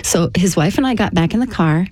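A woman telling a personal story to an interviewer in a casual, halting way, with frequent restarts. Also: fairly low pitch, expressive, a little mellow, breathy edge, no echo. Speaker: interview guest.

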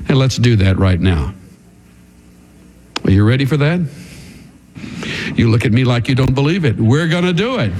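A man preaching a sermon to his congregation in an animated, dramatic way. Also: medium pitch, normal speed, long pauses. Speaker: pastor.

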